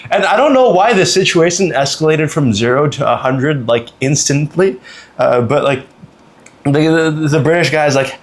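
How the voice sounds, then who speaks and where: A man's voice: on the high side, moderate pace. A young man from Canada hosting a podcast, telling a travel story casually with many fillers. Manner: relaxed, lots of fillers and laughs. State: recovering from a cold. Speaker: podcast host. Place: indoors, on vacation.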